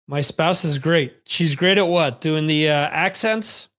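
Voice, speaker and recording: Man, podcast host, casual chat, slow, slightly high voice, rambling, self-correcting. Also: a bit bright. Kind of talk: casual livestream chat, reading viewer comments.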